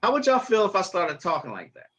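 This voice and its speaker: A man's voice: sits high, wildly swooping pitch, fast, fairly bright tone, highs cut off. Fields: blunt man ranting in a vlog clip. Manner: blunt and emphatic. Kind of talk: casual vlog rant.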